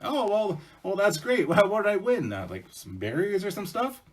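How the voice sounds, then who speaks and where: A man's voice: sits high, sing-song, normal speed, voice pushed up. A man voicing a sleepy, easygoing young male mouse who talks hesitantly with many fillers. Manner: hesitant, rambling, lots of fillers.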